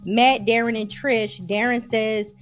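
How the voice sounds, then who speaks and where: A woman with a Baltimore accent casually recaps a TV episode for her viewers, calling them "y'all" in a chatty way. Her voice is fairly high and level, her pace a little slow, with faint music in the background.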